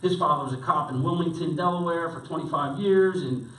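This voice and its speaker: A male pastor tells a story from the pulpit, talking casually and circling back through restarts and fillers. His voice sits a little high for a man. It rings around a roomy hall, heard from some distance off the mic. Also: fairly quick, a bit bright. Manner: conversational, rambling with many restarts and fillers. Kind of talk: storytelling sermon. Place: church hall. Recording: echoey hall, voice from far off.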